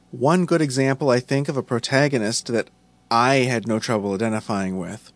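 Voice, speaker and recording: A man's voice: mid-range voice, no room sound. A man hosting a podcast lesson on writing fiction, reading a story passage aloud and explaining it in a conversational, playful way.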